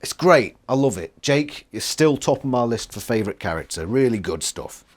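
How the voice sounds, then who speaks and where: A man's voice: medium pitch, normal speed. Sarcastic man reviewing a book. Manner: swearing, sarcastic, animated. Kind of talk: casual video review.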